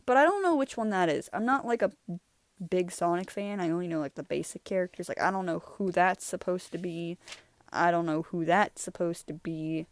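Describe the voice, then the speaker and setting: A woman's voice: lowish voice, moderate pace, dry recording. A young woman hosting her channel, chatting casually and rambling through her old drawings, laughing often. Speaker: channel host. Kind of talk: casual art review chat.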